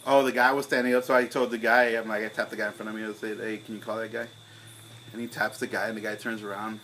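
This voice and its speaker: A young man, co-hosting a casual podcast over beers, telling a profane story and acting out his own angry shouting. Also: fairly low pitch, level tone, fast, slight background noise, rough recording. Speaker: podcast co-host.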